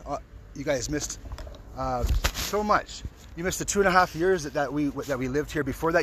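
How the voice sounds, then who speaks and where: A high-voiced man rants furiously, stammering over his words and erupting into profane shouts. He is recorded outdoors on a noisy line, with traffic audible behind him. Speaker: homeless encampment resident. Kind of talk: angry recorded voice message.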